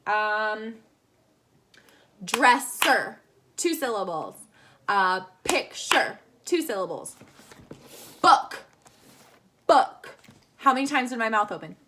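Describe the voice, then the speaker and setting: A woman teaching a children's lesson over video from home, cheerful, slow and clear for young kids. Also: fairly high pitch, big pitch swings, bright, forceful tone, a little hiss or hum. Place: home room. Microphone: phone camera at arm's length.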